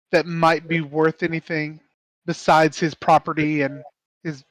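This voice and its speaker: A man plays a polite elf who questions others in a tabletop game. His voice is high and he speaks slowly, in a dry close sound. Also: a bit bright, no room sound, poor audio. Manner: slow, probing, polite. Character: measured male elf questioner.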